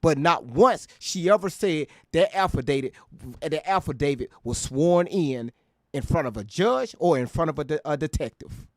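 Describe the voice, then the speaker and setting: A man's voice: a little high, animated, normal speed, no room sound, clean studio sound. Profane, mocking male commentary host. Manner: profane, mocking, laughs often. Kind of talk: casual reaction commentary.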